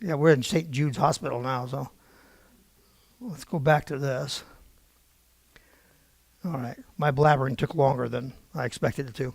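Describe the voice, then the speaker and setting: A middle-aged man teaching a Bible prophecy class in an animated, digressive way, with frequent exclamations. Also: medium pitch, moderate pace, vocal fry, pauses often, no room sound. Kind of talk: informal Bible lesson.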